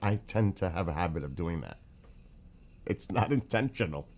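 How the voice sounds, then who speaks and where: A man's voice: low voice, lively intonation, normal speed, a little mellow. A middle-aged man with a New York accent, chatting casually on a morning livestream and greeting viewers by name as he rambles. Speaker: livestream host.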